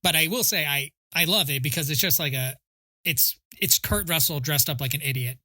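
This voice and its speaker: A man's voice: a little high, brisk, sharp tone, no echo. A man co-hosting a casual film podcast, joking and mocking, slipping into silly quoted voices. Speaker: podcast co-host. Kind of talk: casual chat about a film.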